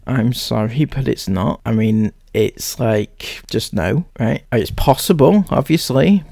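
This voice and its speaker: A man's voice: medium pitch, creaky, mellow, dry recording, studio quality. A man hosting a sarcastic commentary, speaking straight at the people he mocks with open skepticism. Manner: mocking, skeptical, addresses subjects directly. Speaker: commentary host.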